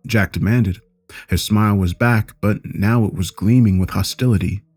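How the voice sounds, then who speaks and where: A man narrating a scripted horror story in the first person. His voice sits low, and his delivery is measured and steady.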